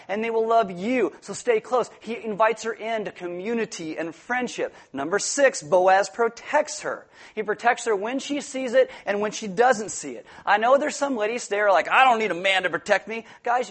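A man preaching a sermon in a lively, joking way, acting out quoted voices as he goes. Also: sits high, normal speed, hardly any pauses. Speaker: pastor.

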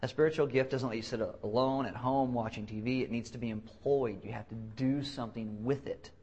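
A young man preaching a casual, joking sermon who restarts his sentences and keeps acting out quick voices to make his point. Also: mid-range voice, steady tone, darkish tone, slightly rough, lo-fi sound. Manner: joking, self-deprecating, acts out quick voices; halting restarts and repeated words. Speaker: pastor.

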